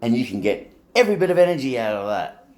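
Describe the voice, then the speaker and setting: A man's voice: mid-range voice, sing-song, quick pace, darkish tone. A middle-aged man with an Australian accent, rambling in a casual, blunt and sweary monologue. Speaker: vlogger.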